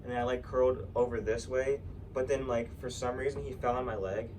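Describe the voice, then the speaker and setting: A man's voice: medium pitch, steady tone, a little fast, darkish tone. A teenage boy telling a rambling story in casual chat, full of fillers and swearing. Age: teens. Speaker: podcast co-host. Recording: distant mic with noise.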